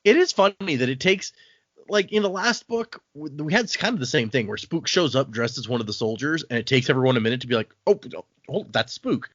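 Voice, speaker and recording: A man's voice: medium pitch, animated, a little fast, a bit bright, no room sound, lo-fi sound. A man co-hosting a casual book podcast, retelling scenes and slipping into the characters' lines as he goes. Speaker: podcast co-host.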